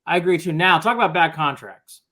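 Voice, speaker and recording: A man's voice: fairly high pitch, animated, a little fast, pushed and bright. Give me an emphatic male sports co-host. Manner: emphatic, lays out his points. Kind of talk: sports talk.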